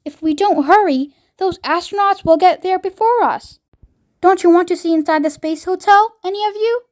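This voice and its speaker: A woman's voice: very high voice, normal speed, darkish tone, voice pushed up. Charlie, a woman doing an anxious young boy. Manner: pleading, urgent.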